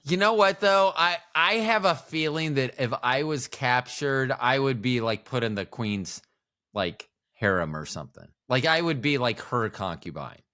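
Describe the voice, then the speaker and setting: A man's voice: mid-range voice, expressive, measured pace, sharp tone. A middle-aged man co-hosting a podcast, rambling through playful jokes in casual chat. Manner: rambling, playful, jokey asides. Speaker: podcast co-host.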